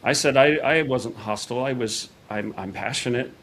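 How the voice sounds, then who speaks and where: A middle-aged man, a podcast guest, telling a personal story in a casual, animated way and acting out quoted dialogue. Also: medium pitch, moderate pace, slight background noise.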